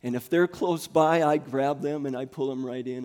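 A man in his thirties preaching a sermon in a church, swinging from soft near-whispers to loud, rising calls. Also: mid-range voice, normal speed. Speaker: pastor. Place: church sanctuary.

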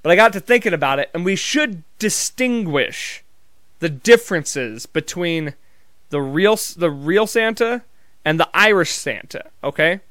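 A man's voice: sits high, expressive, a little slow, fairly bright tone, no echo, clean studio sound. A man vlogging in a casual comedic monologue, telling rambling, profane, jokey stories.

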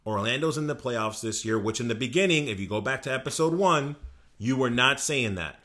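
A man co-hosting a casual sports podcast. He sounds excitable and boastful, and his tone is bright and forceful. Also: medium pitch, a little fast. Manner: excitable, boastful fan talk. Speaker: podcast co-host.

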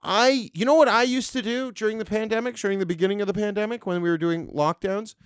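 A sarcastic man in his thirties rants through a comedic podcast monologue, swearing freely as he rambles from one jab to the next. His voice sits a little high for a man and sounds smooth and resonant. The sound is dry and close, with no room around it. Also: fairly even intonation, fast talker, dry recording. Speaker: podcast host.

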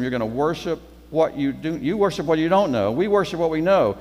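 A man's voice: on the high side, lively intonation, fairly quick, few pauses, darkish tone, big-room sound. A man giving a sermon as guest preacher, conversational, repeating phrases for emphasis.

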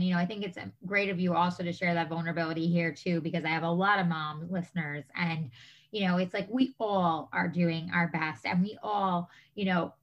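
A woman's voice: on the low side, lo-fi sound. A woman hosting a podcast, chatting in a gushing way with many fillers. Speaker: podcast host. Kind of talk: casual chat.

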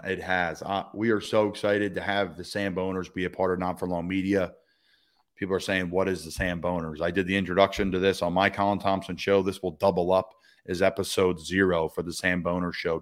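Deep-voiced Philly podcast host. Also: male voice. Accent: Philadelphia. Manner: chummy, addresses listeners as guys. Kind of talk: casual podcast hosting.

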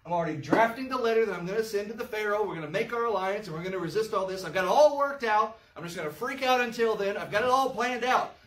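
Smug, dismissive ancient king, put on by a male Bible teacher, high-pitched, recorded from a distance. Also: lively intonation, quick pace, hardly any pauses, fairly bright tone. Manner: smug, brushing everything off. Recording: roomy echo, mic far off.

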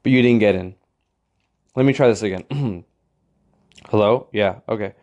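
A man's voice: on the low side, normal speed, darkish tone, lo-fi sound, lightly acted. A man playing an awkward rambling rejection letter. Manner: awkward, rambling, overly casual. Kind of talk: comedic impression.

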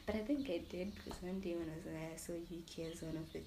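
A young woman chatting casually as a podcast guest, animated and self-deprecating, often laughing. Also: on the low side, quick pace, a little hiss or hum. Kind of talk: casual interview chat.

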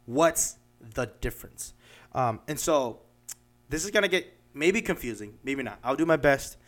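A man's voice: mid-range voice, expressive, moderate pace, a bit bright. Rambling man co-hosting a podcast. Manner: rambling, many fillers and restarts; explains with examples. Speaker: podcast co-host. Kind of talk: casual chat.

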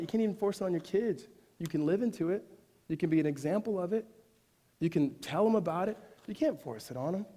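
A man's voice: a little high, mellow. A man preaching a sermon in a casual, conversational way, his voice climbing to emphatic peaks. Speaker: pastor. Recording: hall reverb.

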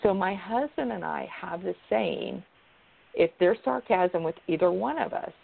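A woman's voice: on the low side, expressive, unhurried, vocal fry. A woman giving earnest advice in casual conversation, often restarting her sentences. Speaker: guest. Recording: tinny phone-like line.

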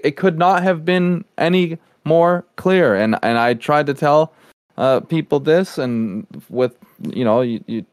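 A man's voice: fairly high pitch, clean tone, dry recording, clean studio sound. A man co-hosting a casual podcast chat, giving firm, emphatic opinions. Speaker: podcast co-host.

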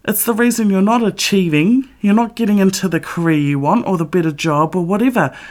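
A woman's voice: medium pitch, brisk, a little mellow. A middle-aged woman and author giving a blunt, emphatic motivational monologue full of swearing. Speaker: author and vlogger.

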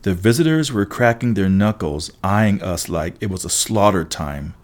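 A man reading a first-person story aloud, wry and lively, switching quickly into voices for the characters. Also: lowish voice. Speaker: audiobook narrator. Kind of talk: first-person audiobook narration.

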